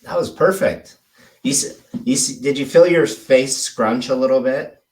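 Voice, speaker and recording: A man's voice: mid-range voice, expressive, unhurried, recorded from a distance, rough recording. A man coaching a sales trainee through a role-play drill, stressing words with exaggerated inflections. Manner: exaggerated, emphatic inflections when demonstrating.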